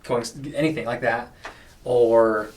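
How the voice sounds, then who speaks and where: A young man hosts a laid-back podcast chat, rambling through stories with plenty of fillers. He acts out little quoted lines as he goes. His voice sits at a middle pitch and sounds set back from the microphone. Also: fairly even intonation, a little slow, a little mellow. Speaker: podcast host. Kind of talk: casual chat. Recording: voice distant from the mic.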